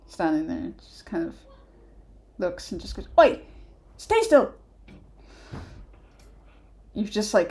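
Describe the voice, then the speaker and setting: A woman's voice: lowish voice, warm tone. A woman narrating a tabletop game as game master, in a casual, hesitant way with many fillers.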